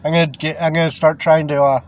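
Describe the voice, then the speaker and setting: A man's voice: fairly high pitch, flat delivery, fast talker. A man giving rambling religious commentary, chuckling often, repeating himself and swearing.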